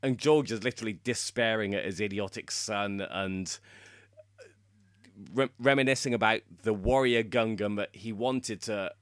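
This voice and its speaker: A man's voice: fairly low pitch, moderate pace, a bit bright, no room sound. A man co-hosting a podcast, explaining lore in casual chat and laughing often. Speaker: podcast co-host.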